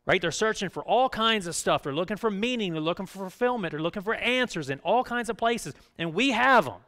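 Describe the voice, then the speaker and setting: A man's voice: lively intonation, fairly quick. Man preaching with frequent "right?" asides. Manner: swings between raised emphatic lines and low quiet ones. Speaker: pastor. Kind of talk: sermon.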